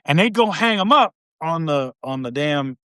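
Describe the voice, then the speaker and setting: A man's voice: fairly high pitch, animated, normal speed, fairly bright tone, clean tone, no echo, studio quality. A man in his late forties hosting a casual chat, a Marine veteran telling rambling stories. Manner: rambling, lots of fillers and restarts.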